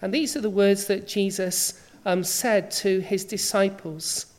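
A woman's voice: mid-range voice, steady tone, a little slow, darkish tone. A woman preacher delivering a sermon, emphatic and full of rhetorical questions.

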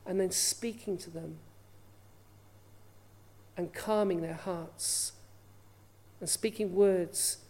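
A woman's voice: fairly low pitch, fairly even intonation, slow, pauses often, warm tone. A woman preaching a sermon in an earnest way, often asking her listeners rhetorical questions.

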